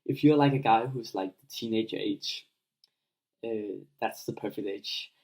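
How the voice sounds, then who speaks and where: A fairly low, slightly mellow voice, unhurried, comes through a low-quality recording. The young man offers blunt advice to his viewers off the cuff, packed with swearing and fillers, and plays out little scenes as he goes.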